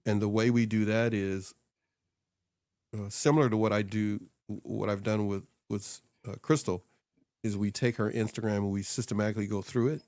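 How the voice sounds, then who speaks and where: Male host, casual coaching talk, low voice, loose and rambling, dry close recording. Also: steady tone, moderate pace, darkish tone, no room sound. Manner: loose and rambling, laughs often. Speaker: social media coach and host. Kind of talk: casual chat.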